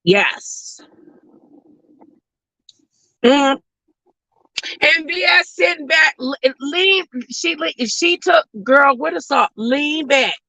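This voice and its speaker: A woman hosting an online talk show, ranting loudly and profanely in sassy commentary, often shouting. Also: high voice, lively intonation, very slow, creaky, long pauses, dry recording, low-quality recording. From West Coast of the US. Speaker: host.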